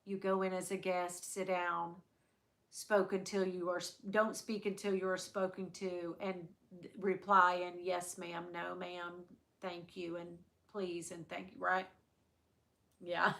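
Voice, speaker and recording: A woman's voice: on the low side, level tone, slow, creaky, a bit bright. A woman from the American South with a Southern accent, chatting casually and rambling with live viewers as a stream host. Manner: chatty, rambling, many restarts. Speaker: livestream host.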